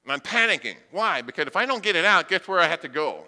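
Blind man preaching, high voice, very bright tone, humorous storyteller, reverberant hall. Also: very animated, fast. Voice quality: blind speaker. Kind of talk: sermon with storytelling.

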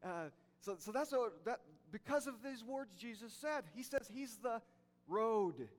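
Emphatic preaching man, high voice. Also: animated, measured pace. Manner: emphatic, repeats key phrases, drops to soft low tones for emphasis. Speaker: pastor. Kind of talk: sermon. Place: church sanctuary. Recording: church hall reverb.

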